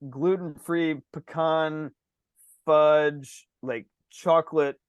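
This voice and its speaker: A man telling a story in casual chat as a podcast co-host, animated and swearing freely. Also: on the high side, very slow, smooth, no room sound, lo-fi sound.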